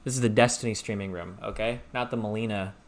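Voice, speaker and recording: A young man streaming, teasing a visitor and telling a story in an animated, profane way. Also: lowish voice, quick pace. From Omaha, Nebraska, US. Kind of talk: casual stream chat and storytelling.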